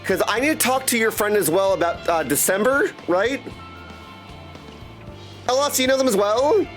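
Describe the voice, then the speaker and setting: Brief: high-pitched, excitable male streamer rambling to chat, faint music behind. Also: normal speed. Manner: excitable, rambling, keeps saying "my dudes". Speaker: game streamer. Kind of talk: casual live stream chat.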